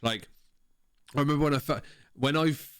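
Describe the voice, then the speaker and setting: A man's voice: a little high, fairly quick, clean tone, no room sound. A man co-hosting a podcast, chatting casually and joking, with offhand swearing. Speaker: podcast co-host. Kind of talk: casual chat.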